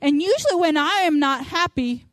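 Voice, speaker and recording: A woman's voice: sits high, expressive, normal speed, dry recording. A woman giving a sermon to other women, chatty and storytelling, acting out little quotes. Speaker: women's ministry speaker.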